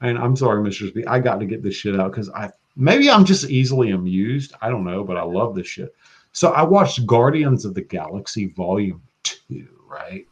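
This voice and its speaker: A man talking as a podcast guest, excitable and profane, laughing often. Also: fairly low pitch, normal speed, breathy edge. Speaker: guest practitioner. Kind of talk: casual podcast chat.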